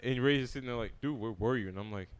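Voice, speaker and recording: A man's voice: mid-range voice, clear, resonant tone, no echo. A young man casually telling a story to friends on a podcast, acting out the people he quotes. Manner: fast, animated anecdote telling with quoted dialogue. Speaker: podcast co-host.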